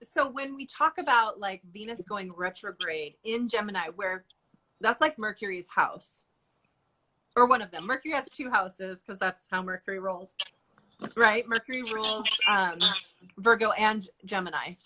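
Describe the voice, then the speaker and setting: A woman hosting a casual online chat, talking in an animated way, swearing and laughing now and then. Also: medium pitch, normal speed. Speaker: host.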